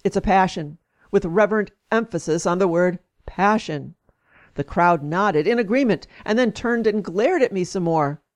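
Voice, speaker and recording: A woman reading an essay aloud with expressive emphasis, then adding her own comments as a speaker. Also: medium pitch, moderate pace.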